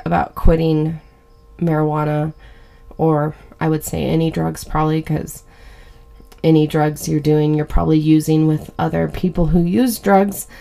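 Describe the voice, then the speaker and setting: A woman talks through her own podcast in a candid, conversational monologue, full of fillers and small restarts. Her voice sits on the low side and carries a steady gravelly fry. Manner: slow and deliberate when reciting affirmations. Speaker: podcast host.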